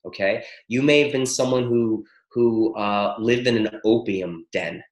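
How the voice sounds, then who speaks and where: A man leading a spiritual teaching call, excitable and profane, rattling off long lists of words in one breath. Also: fairly low pitch, reverberant, rough recording. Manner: excitable, swears freely, rapid-fire incantation lists. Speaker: spiritual workshop leader. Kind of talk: live teaching call with interpreter.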